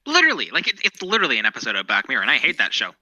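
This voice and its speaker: A man's voice: mid-range voice, huge pitch swings, rapid-fire, pushed and bright, no echo, low-quality recording. A man co-hosting a podcast, chatting casually about current events in a rambling, profane, opinionated way. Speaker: podcast co-host.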